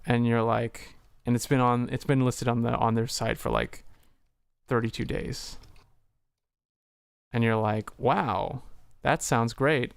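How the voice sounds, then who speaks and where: Rambling man with a gravelly voice. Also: medium pitch, flat delivery, measured pace, pauses often, no room sound, clean studio sound. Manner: rambling, swears casually, many fillers; acts out both sides of conversations. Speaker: streamer. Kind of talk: casual livestream chat.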